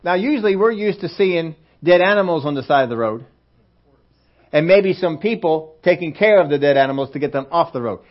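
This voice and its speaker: A man's voice: fairly high pitch, animated, brisk. A male pastor giving a conversational sermon in a folksy, humorous way and acting out scenes. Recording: dull lo-fi sermon recording.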